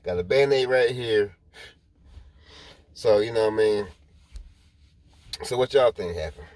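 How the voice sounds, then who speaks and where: A man's voice: on the low side, a little slow, a little mellow, dry recording. Rambling man telling a story to viewers. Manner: rambling, repeats himself, talks straight to viewers. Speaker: vlogger. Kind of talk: casual storytelling to camera.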